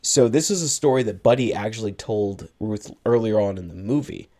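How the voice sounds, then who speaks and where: Man, podcast co-host, fairly low voice, casual plot recap, acts out film lines. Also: lively intonation, moderate pace, dark tone. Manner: retells a film plot at length, acting out lines of dialogue. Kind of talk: casual movie recap chat.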